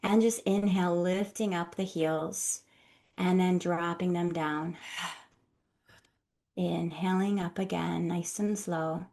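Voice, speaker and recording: A woman who works as a somatic healer, leading a guided breathing exercise with soft-spoken, calm instructions and affirming encouragement. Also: fairly low pitch, slow, vocal fry.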